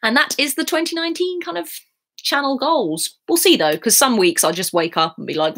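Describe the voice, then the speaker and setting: A woman's voice: high voice, expressive, a little fast, a bit bright. A young woman from England with a southern received pronunciation accent, chatting casually on a livestream and answering viewer comments in a rambling way. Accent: southern English received pronunciation. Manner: chatty, rambling, lots of fillers. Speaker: YouTuber.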